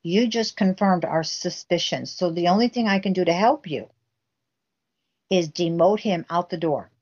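A woman's voice: on the low side, moderate pace, a little mellow. Lo-fi intense woman retelling a story. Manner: intense, acts out quoted dialogue. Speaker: guest recounting a family case. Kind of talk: emotional storytelling interview.

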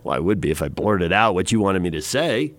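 A man's voice: deep voice, sing-song, a little fast, dry recording. A man hosting a sports radio show in a studio. He breaks down the game, teases his co-host and reads scores. The sound is close and dry. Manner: chatty, teasing, laughs often. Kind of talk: sports radio chat and news update.

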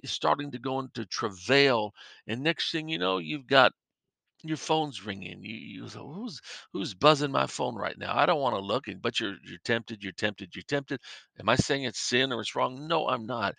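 A man's voice: medium pitch, gravelly, sharp tone, no echo. A man preaching a podcast sermon in an earnest, repeating cadence with stammered restarts. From northern United States.

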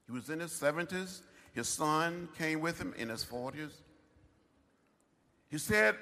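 A man in his seventies delivers a ceremonial commencement speech at a university ceremony venue, recorded in an echoey large hall. His somewhat high voice is unhurried, with vocal fry, frequent pauses, and a sharp tone. He speaks in a rhythmic orator's cadence with emphatic repetition.

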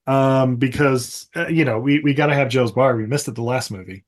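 A man's voice: medium pitch, normal speed. A man on a casual podcast, recapping a movie in a rambling way with frequent laughs and casual swearing. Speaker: podcast co-host.

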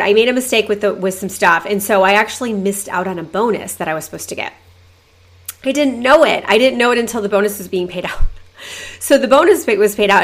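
A woman hosting a podcast, talking casually and acting out her own thoughts in hushed asides. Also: medium pitch. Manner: chatty, lots of "like", acts out inner voices in whispers. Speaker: podcast host. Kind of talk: casual motivational monologue.

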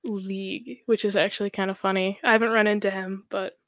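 A young woman talking in a loose, chatty way, full of fillers and quick laughs. Her pitch sits in the middle, and the recording is dry and close with no room around it. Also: flat delivery, a bit bright, dry recording. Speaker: guest, hockey goaltender. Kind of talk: casual podcast chat.

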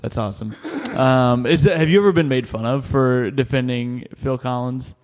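A man's voice: mid-range voice, moderate pace, a little mellow. A man hosting a casual chat, mostly dropping brief agreements and jokes. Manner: short agreeing interjections and jokes.

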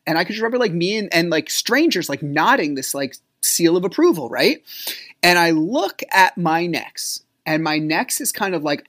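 Guy hosting a podcast, telling his own story, tons of "like", swings up and down a lot, gets quiet at times. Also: on the high side. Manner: rambling, frequent filler "like". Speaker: podcast host. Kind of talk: personal storytelling.

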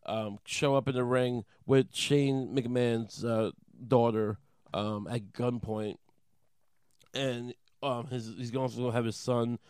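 A man doing a rambling comic monologue, deadpan and crude, halting with many fillers. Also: mid-range voice, smooth, no room sound, studio quality. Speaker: comedian.

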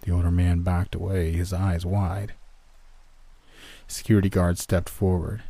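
A man narrating a first-person horror story in a steady, measured way. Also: deep voice, gravelly, no room sound.

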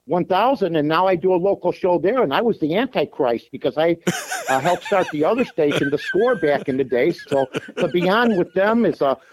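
Blunt opinionated man, slightly high voice. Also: lively intonation, moderate pace, slight background noise, poor audio. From Chicago. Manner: blunt, opinionated, many fillers and restarts. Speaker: sports radio host and handicapper, guest. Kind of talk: casual sports talk on a call-in show. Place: in a parked car.

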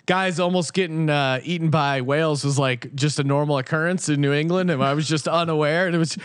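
A man's voice: fairly high pitch, steady tone, fairly quick, clear, resonant tone, dry recording, clean studio sound. A man hosting a sports betting podcast, talking loosely with lots of fillers and laughs, and reading an ad. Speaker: podcast host. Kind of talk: casual podcast chat with ad read.

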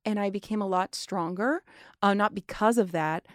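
A woman in her forties tells stories as a guest in a casual interview, chatty and full of fillers. Her voice sits at an ordinary pitch. The sound is close and dry. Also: moderate pace, dry recording. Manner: chatty storyteller, many fillers. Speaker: guest, stage actress.

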